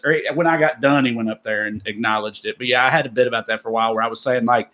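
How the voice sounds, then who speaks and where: A man's voice: mid-range voice, steady tone, very fast, few pauses, bright, forceful tone. A man with a thick Appalachian Southern accent, a podcast co-host and comedian telling stories in casual chat, rambling with restarts. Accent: Southern US, Appalachian (Tennessee). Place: Los Angeles.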